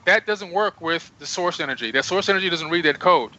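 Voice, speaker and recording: Here the man's voice is high-pitched, pushed and bright, moving fairly quickly with few pauses and no room sound. He's a radio interview guest preaching self-empowerment in an earnest, emphatic way, heard through dull lo-fi radio audio.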